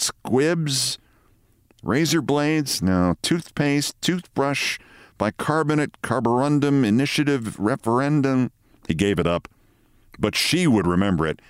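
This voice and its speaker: A man hosting a show, reading a short story aloud in measured, dramatic narration. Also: lowish voice, dry recording, studio quality.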